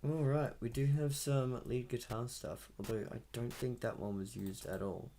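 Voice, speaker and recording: A man's voice: medium pitch, steady tone, moderate pace, slight background noise. A young man, thinking aloud casually as he mixes a song. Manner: muttering, thinking aloud, self-deprecating. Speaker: audio engineer mixing music. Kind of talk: casual talk-through while working. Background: loud guitar music playing.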